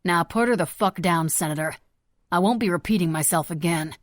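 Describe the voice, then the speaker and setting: A woman's voice: on the low side, a little fast, no echo, natural voice. A jittery young armed villain, voiced by a woman narrator for an audiobook. He snarls crude threats with menace. The sound is dry and close. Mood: menacing.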